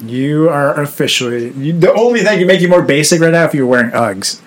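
A man's voice: on the high side, lively intonation, brisk, slight background noise. A man co-hosting a podcast in casual chat, laid-back and swearing freely. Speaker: podcast co-host.

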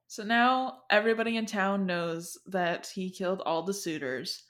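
A young woman co-hosting a casual chat, retelling a story in an animated way with lots of filler words. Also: medium pitch, normal speed.

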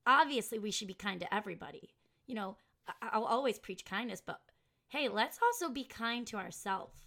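This young adult woman hosts her own podcast, chatting casually and rambling as she reads from an article she wrote. Her mid-range voice is gravelly and sharp-toned, animated at a moderate pace, and she laughs at herself as she goes.

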